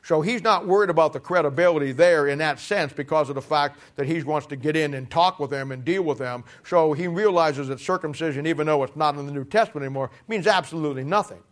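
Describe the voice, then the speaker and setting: A man preaching a lively sermon, telling Bible stories with shouted lines, quiet asides and laughter. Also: on the high side, fast, hardly any pauses. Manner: animated, swings from shouting to quiet asides, laughs at his own jokes. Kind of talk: sermon with storytelling.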